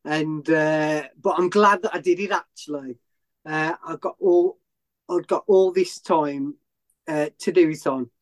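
A man's voice: on the high side, steady tone, measured pace. A man, a runner being interviewed, who tells a long story in a rambling way with many restarts and self-corrections. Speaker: ultrarunner guest.

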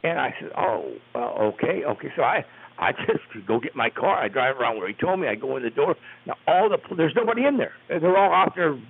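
Older man, retired umpire, rambling animated storytelling, husky voice, tinny phone line. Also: a little high, fairly quick. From United States. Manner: rambling, animated retelling with restarts. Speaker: retired baseball umpire, interview guest. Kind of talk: storytelling in an interview.

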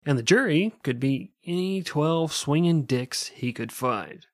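A man's voice: a little high, lively intonation, measured pace, dry recording, clean studio sound. A man casually telling a true crime story on a podcast, joking and swearing and laughing often.

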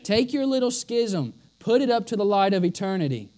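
Male preacher, high-pitched voice, emphatic and repetitive delivery, sermon style. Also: very animated, a little fast, warm tone. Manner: emphatic, repeats lines for stress.

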